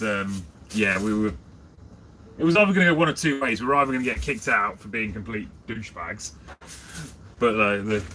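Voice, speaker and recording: A man's voice: on the low side, sharp tone, slight background noise. A man chatting casually on a livestream from inside his food van, answering viewer comments as he works. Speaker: livestream host selling jacket potatoes.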